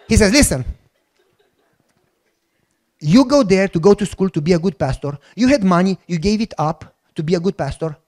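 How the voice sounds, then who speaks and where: A middle-aged man, a pastor, telling a testimony in a sermon. He acts out the dialogue, and at moments his voice drops low and soft. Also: normal speed, pauses often. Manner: animated storyteller, acts out dialogue.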